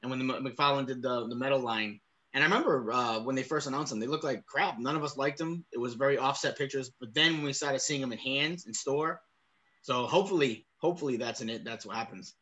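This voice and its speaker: Blunt Boston man with a bright voice. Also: medium pitch, brisk. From Boston area. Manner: blunt, joking, trails off quietly. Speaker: podcast co-host. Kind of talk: casual chat.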